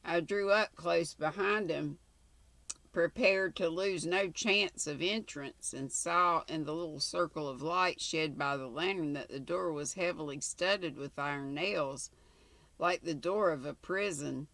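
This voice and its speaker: An older woman reads a story aloud at an unhurried, careful pace. Her voice has a gravelly edge. It is recorded dry and close, with no room sound. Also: low voice, fairly bright tone, dry recording. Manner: slow, measured, plain reading with small slips. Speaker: channel host, story reader.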